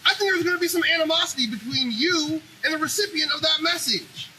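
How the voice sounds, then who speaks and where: Male commentary host with a strikingly high, cutting voice, delivering a fired-up, foul-mouthed monologue. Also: fast talker, a little hiss or hum, poor audio. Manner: animated, profane, ranting. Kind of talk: opinionated monologue.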